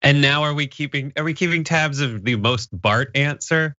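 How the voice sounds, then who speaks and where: A man co-hosting a talk show, riffing jokily and slipping into quick impressions. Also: a little high, bright, forceful tone, no room sound, highs cut off. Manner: riffing, jokey, slips into impressions. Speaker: co-host. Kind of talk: casual comedic banter.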